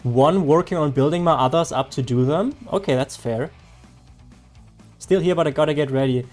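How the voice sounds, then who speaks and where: A man's voice: on the high side, moderate pace, a little mellow, faint music behind. A man with a German accent, a native German speaker, chatting casually with his viewers while streaming a game, answering them aloud with frequent restarts. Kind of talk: casual live-stream chat.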